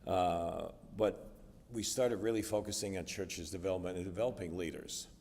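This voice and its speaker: Deep and steady at a moderate pace, this middle-aged American man's darkish voice shares his personal testimony as a guest speaker in a church. He talks conversationally with frequent fillers, and the distant, echoing recording has a little hiss or hum.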